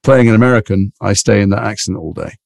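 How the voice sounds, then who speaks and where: An English man from Liverpool with a mixed British accent, an actor chatting in an interview in a rambling, animated way. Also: on the low side, gravelly. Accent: mixed British, mild Liverpool and London traces. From England, Liverpool. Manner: fast, rambling, animated storytelling. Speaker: actor, guest. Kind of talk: casual interview chat.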